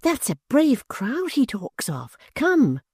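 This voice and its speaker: An audiobook narrator voicing a simple-hearted young man who talks eagerly and excitably, repeating himself, in a high, breathless voice. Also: takes it slowly, husky, no room sound, clean studio sound, heavily acted.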